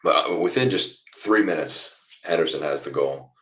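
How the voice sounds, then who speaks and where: This is a young man with a remarkably deep, low voice, hosting a live football watchalong stream. He talks casually to his viewers and walks through each play as he watches. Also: normal speed. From United States. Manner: chatty, reacts loudly to goals then explains calmly. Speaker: watchalong host.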